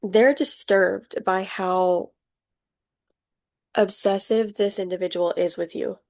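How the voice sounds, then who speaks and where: A woman's voice: medium pitch, slow pace, gravelly. Chatty young woman giving a tarot reading. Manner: chatty, animated, laughs often, acts out quoted people. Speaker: tarot reader. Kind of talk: casual tarot reading to camera.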